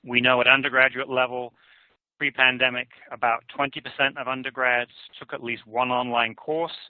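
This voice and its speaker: A man giving a measured, analytical conference presentation on survey findings. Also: mid-range voice, dry recording. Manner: measured, analytical, hedges with "I would argue". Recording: tinny phone-like dry audio.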